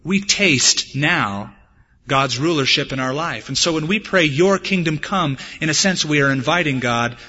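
A man's voice: on the high side, expressive, normal speed, sharp tone, breathy edge. A man from the United States, a pastor preaching a sermon with earnest conviction and humorous personal stories. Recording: dull, echoey church hall recording.

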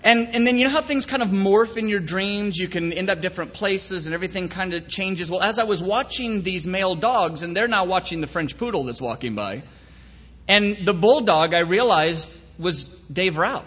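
Preacher guy, high voice, folksy rambling story then solemn prayer, muffled echoey hall. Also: lively intonation, normal speed, fairly bright tone. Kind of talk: sermon with a comic story and prayer. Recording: dull echoey hall recording.

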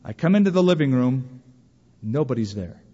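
A man preaching a sermon to a congregation, lively and storytelling, acting out imagined complaints in a raised voice. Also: medium pitch, normal speed, husky. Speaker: pastor. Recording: dull lo-fi sound with long reverb of a large hall.

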